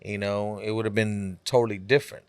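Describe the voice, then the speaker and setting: A man's voice: lowish voice, little pitch movement, a little fast, clean tone, no room sound. A man with a Texas Southern accent, a rapper chatting as a podcast guest, laid-back and full of "you know" fillers. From California. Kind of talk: casual podcast chat.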